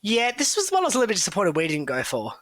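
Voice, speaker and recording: A man's voice: high-pitched, huge pitch swings, racing, fairly bright tone, no echo. A man talking casually on a podcast, analysing football picks with plenty of fillers and hedges. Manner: chatty, analytical, hedging with fillers. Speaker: football draft analyst, co-host.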